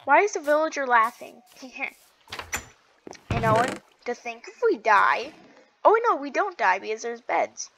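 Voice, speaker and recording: Excitable high-voiced woman gaming. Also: measured pace, long pauses, a little hiss or hum, low-quality recording. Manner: excitable, gasping, giggly, stammers. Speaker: gaming video host. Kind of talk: casual gameplay chat.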